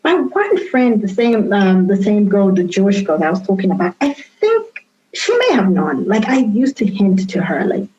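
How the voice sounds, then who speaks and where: Dark-voiced woman telling her story. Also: mid-range voice, very animated, moderate pace, slight background noise. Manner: reflective, with frequent fillers and restarts. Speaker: guest sharing her story. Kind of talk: candid personal storytelling. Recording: dull lo-fi sound.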